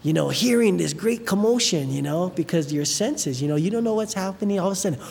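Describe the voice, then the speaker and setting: Animated preacher in an echoing hall. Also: mid-range voice, quick pace, creaky. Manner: animated storytelling, many fillers. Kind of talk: sermon. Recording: long hall reverb, faint noise.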